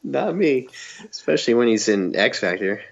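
A man's voice: mid-range voice, sing-song, normal speed, gravelly, dull audio. A man from the US South co-hosting a podcast, chatting casually and laughing often. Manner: laid-back, laughs often, says "man" and "you know". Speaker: podcast co-host. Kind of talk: casual chat recapping wrestling.

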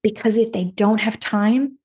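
A woman with a dark, husky, mid-range voice speaks a little slowly as she hosts a podcast. She relates a personal story and earnest self-help advice, repeating phrases and often asking "right?" rhetorically.

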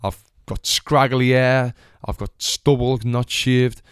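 Recorded dry with clean studio sound, a young Sunderland-accented Englishman takes his time over a casual story. His mid-range voice is smooth and fairly even in intonation. A retired boxer, he chats away, curses freely and performs the characters he describes.

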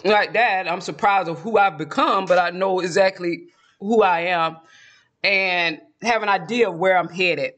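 A man's voice: high voice, measured pace, pushed and bright. A man from South Georgia with a Southern Georgia accent, talking in a rambling, chatty vlog monologue and laughing often. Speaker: vlogger.

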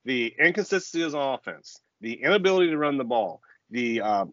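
A man's voice: mid-range voice, very animated, a bit bright, dry recording, muffled recording. Laid-back man breaking down a football game. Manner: measured, reasoning through points, casual profanity. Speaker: podcast co-host. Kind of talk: sports analysis chat.

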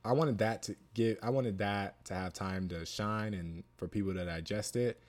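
Man, lowish voice, casual film review, rambling, lots of fillers, emphatic repeats. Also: normal speed, a little mellow. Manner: emphatic, repeats himself for stress. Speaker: movie reviewer.

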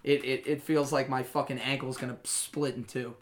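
Animated joking male podcast host. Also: medium pitch, moderate pace. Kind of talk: casual podcast chat.

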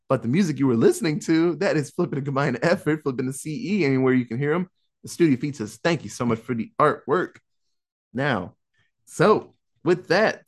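A man hosting a casual podcast, swearing often and rambling as he wraps up the show. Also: a little high. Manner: profane, rambling, animated. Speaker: podcast host. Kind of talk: casual chat.

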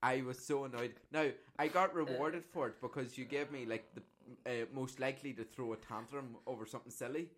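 A man's voice: medium pitch, brisk, hardly any pauses, fairly bright tone, a little hiss or hum. A man co-hosting a casual podcast, teasing his co-host with mock-formal, jokey asides. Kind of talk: casual chat.

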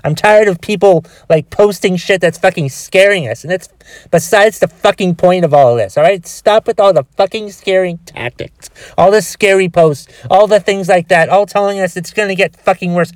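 A man's voice: sits high, moderate pace, no room sound. A man with a cold hosting a solo podcast, frustrated and swearing heavily as he rambles with restarts. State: has a cold with a cough. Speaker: podcast host.

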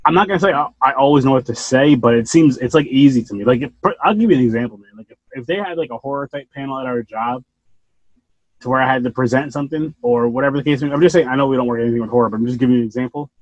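A man hosting a podcast, chatting casually and rambling with animated bursts and casual swearing. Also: mid-range voice, very fast, no room sound, dull audio. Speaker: podcast host.

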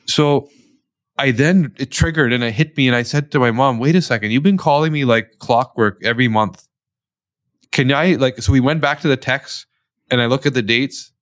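A man's voice: medium pitch, no echo. Man telling a story, dry mic. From Canada. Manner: animated, tells stories with quoted dialogue. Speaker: guest, company founder. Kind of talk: conversational storytelling.

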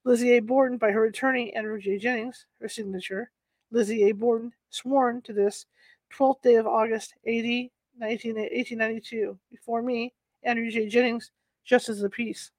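A woman's voice: fairly high pitch, fairly even intonation, moderate pace, darkish tone, dry recording. A woman reading a historical courtroom account aloud, stumbling over words and correcting herself as she goes. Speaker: narrator.

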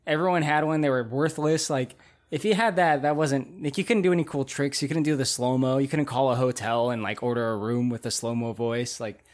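A man's voice: medium pitch, fairly even intonation, a little fast. A man in his thirties, a podcast host, chatting loosely about old movies, swearing and laughing often. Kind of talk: casual chat.

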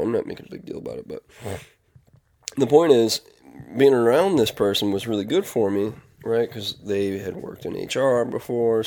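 A man's voice: fairly low pitch, gravelly, darkish tone. A man talking in a casual confessional monologue, rambling and earnest, with many fillers and restarts. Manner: earnest, reflective. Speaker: vlogger.

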